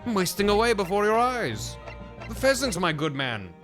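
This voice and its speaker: A man's voice: high voice, very animated, moderate pace, fairly bright tone, soft background music, pitched above the performer's own voice. A man voicing an eccentric male detective who meows and pleads melodramatically for food in a game playthrough. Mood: whiny pleading.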